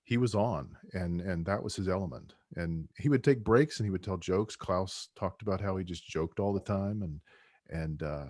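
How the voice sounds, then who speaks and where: A deep-voiced man with a husky edge talks loosely as a podcast guest, circling back and restarting his sentences as he explains his research. The sound is dry and close, with no room around it. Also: moderate pace, a little mellow, dry recording. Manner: rambling, with many restarts and "you know". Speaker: book co-author and guest. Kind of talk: casual podcast conversation.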